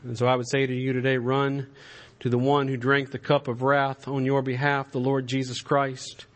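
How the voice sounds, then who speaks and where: A man preaching a sermon in a church, swinging from impassioned raised-voice exhortation to soft, pleading appeals. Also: medium pitch, monotone, moderate pace. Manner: impassioned preaching, shouting at climaxes then dropping to a soft plea. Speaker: pastor. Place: church sanctuary.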